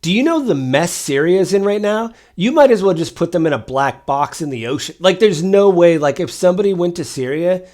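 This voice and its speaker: A man co-hosting a podcast, chatting casually about politics with rambling, animated storytelling. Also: high-pitched, brisk, hardly any pauses. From Washington State. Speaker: podcast co-host.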